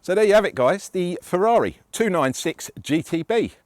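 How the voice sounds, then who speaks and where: Enthusiastic car reviewer, lively voice. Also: male voice, sits high, moderate pace, heavy background noise. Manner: chatty, enthusiastic, jokey. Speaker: car reviewer and channel host. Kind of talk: casual review to camera.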